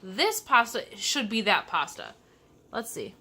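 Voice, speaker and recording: Bright, chatty young woman vlogger. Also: mid-range voice, huge pitch swings, unhurried, husky. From Michigan. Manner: chatty, sassy asides. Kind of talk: casual cooking vlog. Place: home kitchen.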